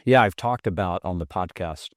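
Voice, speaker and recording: Brief: male podcast host, deep voice, reflective and affirming, dry close sound. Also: moderate pace, no room sound. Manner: reflective, sums up ideas, frequent affirmations. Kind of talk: conversational podcast interview.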